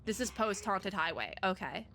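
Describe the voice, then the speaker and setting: A young adult woman giving chatty, animated commentary while reading a game's story aloud. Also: mid-range voice, background noise. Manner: animated, chatty, quick to react. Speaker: gaming content creator. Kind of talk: game playthrough commentary and reading.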